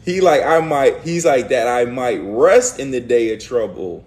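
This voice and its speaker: A man leading a lively Bible study discussion, speaking emphatically and casually, reading verses aloud and acting out the prophets' words. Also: medium pitch, unhurried.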